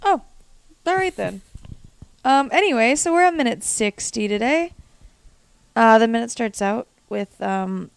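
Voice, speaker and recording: A woman co-hosting a podcast, chatting casually with plenty of "like"s and "um"s. Her voice carries a gravelly fry and a slight throat scratch. The sound is close and dry, with no room around it. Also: fairly high pitch, expressive, dry recording. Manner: chatty, filler-heavy, quick to laugh. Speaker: podcast co-host.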